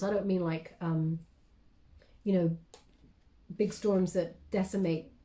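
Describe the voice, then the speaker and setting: A woman giving a casual, affectionate tarot card reading to her viewers, talking gently with plenty of fillers. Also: medium pitch. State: briefly tearful then composing herself.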